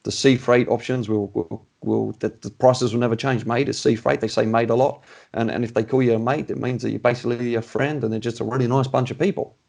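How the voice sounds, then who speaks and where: A man's voice: mid-range voice, steady tone, fairly quick, creaky, a little mellow. A man putting on a laid-back Aussie bloke. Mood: relaxed. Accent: Australian, put on. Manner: laid-back, rising at line ends. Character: easygoing friendly Australian man.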